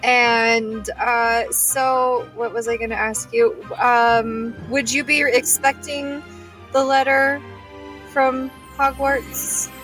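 A woman's voice: on the high side, level tone, slow, a bit bright, soft background music, rough recording. A woman running a tabletop game as game master, chatty and giggly with casual swearing.

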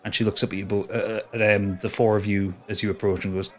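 Halting man running a tabletop game. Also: lowish voice, level tone. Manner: halting, many restarts. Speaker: game master.

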